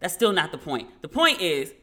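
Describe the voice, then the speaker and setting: A woman's voice: lowish voice, moderate pace. A woman podcast host chatting casually and frankly, swearing now and then and acting out the dialogue in her stories. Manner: animated storyteller who acts out dialogue.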